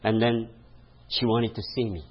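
A man's voice: on the low side, fairly even intonation, unhurried, breathy edge, dull audio. A male pastor preaching a sermon, telling a story and laughing at his own stories, calling out to the congregation for a response. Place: church.

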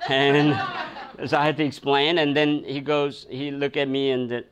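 A man's voice: medium pitch, little pitch movement, a little slow, slight background noise. A male pastor delivers a sermon as a personal story. He talks loosely, full of fillers and restarts, and laughs as he goes.

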